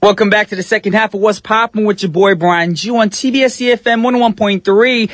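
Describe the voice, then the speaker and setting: A man's voice: sits high, fairly even intonation, a little fast, no room sound. A male radio DJ hosting his show in a studio, talking in an upbeat, chatty, slangy way. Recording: radio broadcast with faint music beds.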